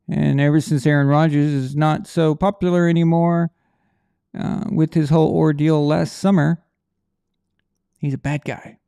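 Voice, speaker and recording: A man's voice: fairly high pitch, creaky, mellow, smooth. A man hosting a casual livestream chat for members, rambling and thinking aloud with trailing sentences. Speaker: livestream host.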